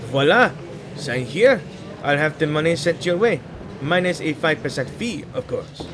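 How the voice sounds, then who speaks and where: A man voicing a scheming old male pawnbroker in a game story, smooth and wheedling with a faint French flourish. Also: fairly high pitch, lively intonation, normal speed, noisy background, lightly acted. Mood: smug.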